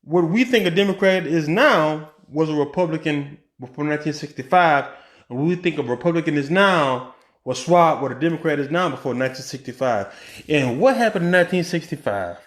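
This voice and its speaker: A man with a high voice delivers a casual opinion monologue in an echoey room. He talks in an animated way, fires off rhetorical questions and restarts his sentences, filling the gaps with ums. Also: brisk. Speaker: political commentary podcaster.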